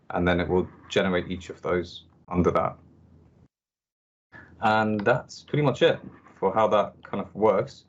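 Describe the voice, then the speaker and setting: A man walking through a code sample on a screen-share call, halting, with many restarts and fillers. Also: deep voice. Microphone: computer mic on a video call. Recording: dull video-call audio with typing.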